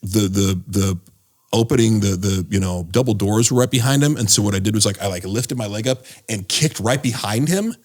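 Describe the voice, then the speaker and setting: Rambling, low-voiced storytelling man. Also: fairly quick, a little mellow. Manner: rambling storyteller, many fillers, acts out quoted voices. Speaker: podcast guest, former tour companion of a comedian. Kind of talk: casual chat.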